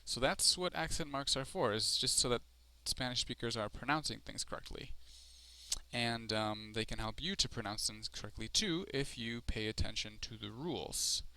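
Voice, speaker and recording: A man's voice: mid-range voice, sharp tone. A man giving a recorded screencast lesson as a Spanish teacher, explaining step by step with frequent ums. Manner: explanatory, slow and deliberate with frequent fillers.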